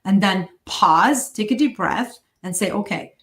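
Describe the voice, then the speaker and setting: Animated woman host explaining. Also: mid-range voice, unhurried. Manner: animated, acts out quoted inner voices. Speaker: podcast host. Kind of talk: casual conversational interview.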